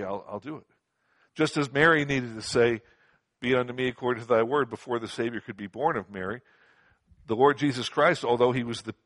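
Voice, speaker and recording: A man's voice: mid-range voice, fairly bright tone, no echo. Emphatic conversational male Bible teacher. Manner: conversational, repeats words for emphasis; frequent fillers and rhetorical questions.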